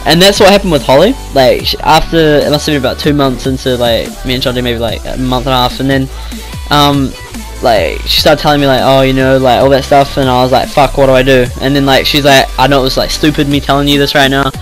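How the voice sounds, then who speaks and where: A man's voice: mid-range voice, fairly even intonation, fast talker, soft background music, rough recording. A teenage boy telling a rambling story in casual chat, swearing often and filling with "like". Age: teens. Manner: rambling, swears freely, lots of "like". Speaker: vlogger.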